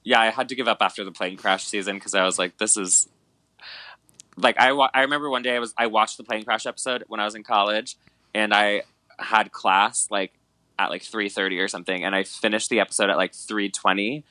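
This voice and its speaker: A man's voice: lowish voice, fairly quick, no echo, low-quality recording. A man in his twenties chatting casually as a podcast co-host, telling a dramatic story with lots of fillers like "like" and "um". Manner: animated storyteller, many fillers like "like" and "um", dramatic retellings. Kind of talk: casual chat.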